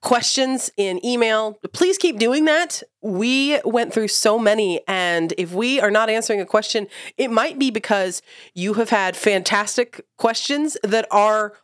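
A woman hosting a parenting podcast, talking in a lively, quick and joking way. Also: on the high side, dry recording, studio quality. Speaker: podcast host. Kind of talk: casual chat.

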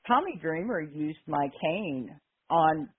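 An older woman caller from Arkansas, telling animated stories on a phone-in show, laughing often and acting out the people she quotes. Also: sits low, slow, husky. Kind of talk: casual phone-in storytelling. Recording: tinny phone line.

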